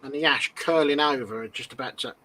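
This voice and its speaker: A man's voice: medium pitch, fairly quick, bright, forceful tone, slight background noise. A man, co-hosting a casual live stream with teasing quips. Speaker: co-host. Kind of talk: casual chat.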